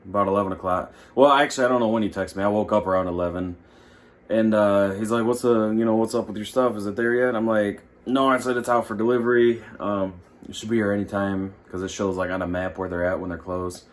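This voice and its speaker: A man's voice: fairly low pitch, steady tone, fast talker. A young man vlogging in a rambling, exasperated casual chat, full of fillers.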